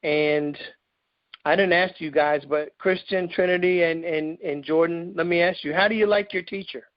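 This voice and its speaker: A man hosts a casual interview with a high-pitched voice and a teasing, joking manner. His speech is loose and full of slang. The audio is dry and a little dull, like a lo-fi call. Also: steady tone, moderate pace, no room sound. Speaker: interview host.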